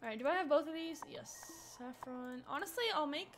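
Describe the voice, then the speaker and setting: A woman's voice: sits high, a little fast, noisy background. A woman streaming a farming game, chatting casually and giggling as she reacts to the characters. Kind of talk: casual gameplay commentary.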